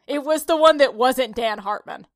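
Woman, upstate New York, podcast co-host, giggly, rambling, slightly high voice. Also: normal speed, dry recording, clean studio sound. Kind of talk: casual chat.

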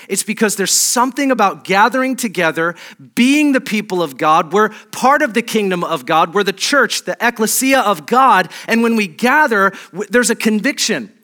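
A man's voice: high voice, pushed and bright. A middle-aged man preaching a sermon as pastor, conversational and humorous, with restarts and asides to the congregation.

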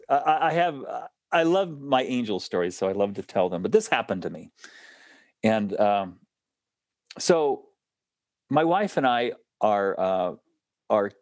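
Lively, animated storytelling man. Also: lowish voice, no echo. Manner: animated, laughs often, restarts sentences. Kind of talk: casual storytelling chat.

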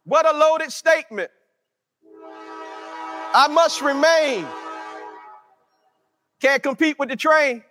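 A man's voice: very high voice, sharp tone, long reverb tail. A man preaching a sermon as pastor, drawing out his words and calling the congregation to answer back. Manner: slow, drawn-out preaching with call-and-response.

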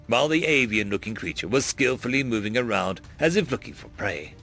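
A man narrating fan-written stories aloud in an expressive storytelling manner. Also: mid-range voice, a little fast, few pauses, faint music behind.

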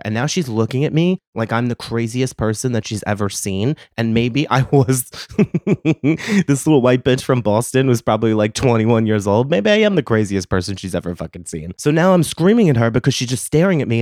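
On his podcast, a man tells a confessional story in a casual, profane, self-mocking way, laughing often. His mid-range voice is fairly quick and a little mellow, captured in a dry, studio-quality recording.

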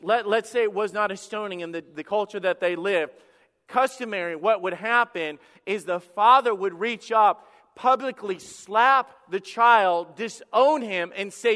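High-voiced emphatic preaching man, hall reverb. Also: fairly bright tone. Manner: emphatic, repeats words when fired up. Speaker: pastor. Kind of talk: sermon.

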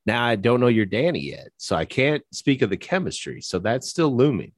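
A man co-hosting a casual movie podcast, animated, laughing often and restarting his sentences. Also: medium pitch, moderate pace, no echo, studio quality. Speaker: podcast co-host. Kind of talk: casual chat about movies.

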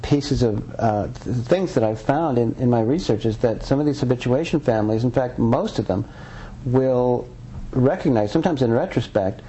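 A man's voice: medium pitch, a little slow, warm tone, slight background noise, rough recording. A man being interviewed as an author and researcher, talking earnestly and rambling with frequent restarts. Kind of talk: conversational interview.

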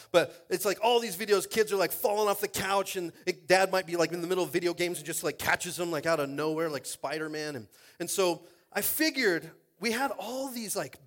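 A male pastor running a lively church service, joking and playful and often raising his voice to the room. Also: high-pitched. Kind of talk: church service games and announcements. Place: church sanctuary stage.

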